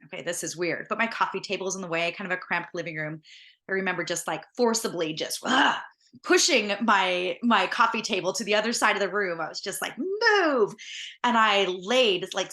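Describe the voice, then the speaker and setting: Brief: woman storyteller, earnest and conversational, sharp bright tone. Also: mid-range voice. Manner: earnest, conversational, retelling events vividly. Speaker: podcast host. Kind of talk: personal storytelling.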